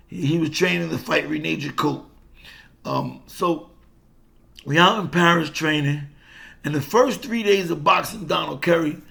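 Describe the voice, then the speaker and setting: An older man and boxing coach, telling a story in an animated way, repeating himself and swearing freely. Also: high-pitched, gravelly. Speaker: boxing coach and former fighter. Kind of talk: casual boxing talk to camera.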